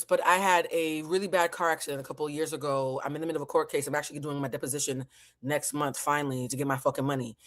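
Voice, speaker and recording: A woman from New England telling a long, profane personal story in a casual way, acting out the voices of the people in it. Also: mid-range voice. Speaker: host.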